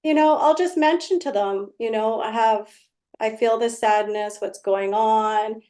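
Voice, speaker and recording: A woman's voice: a little high, measured pace, a little mellow. A woman energy healer explaining her work in casual conversation, telling client stories and acting out their exchanges. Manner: storytelling, acts out client exchanges.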